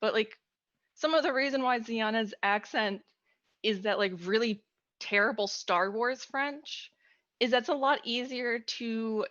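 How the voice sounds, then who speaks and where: A woman's voice: a little high, unhurried, fairly bright tone, no room sound. A woman on a tabletop gaming panel, chatting and handing out advice while laughing at herself, recorded with dull, muffled audio. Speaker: tabletop game player, panelist. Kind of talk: casual panel chat.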